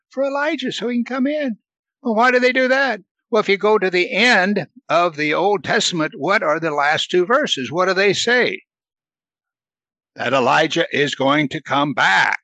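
A man leads a conversational Bible study, posing questions and answering them himself, reading scripture slowly before explaining it casually. His voice sits high with a sharp tone, recorded with no room sound.

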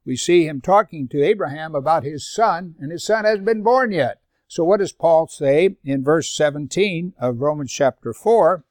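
A man's voice: on the high side, dry recording, clean studio sound. An older man leading a Bible study in a sermon style, reading scripture aloud between conversational asides.

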